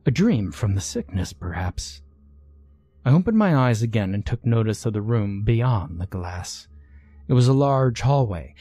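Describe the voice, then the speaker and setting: A man narrating a scripted horror story in a measured, hushed storytelling way. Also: mid-range voice, husky.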